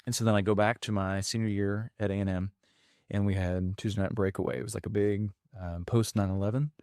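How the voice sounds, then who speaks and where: A man's voice: fairly low pitch, steady tone, fairly quick, darkish tone, clear, resonant tone, dry recording, studio quality. A man telling a long personal story in casual chat, with many restarts and fillers. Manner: rambling, frequent restarts and fillers.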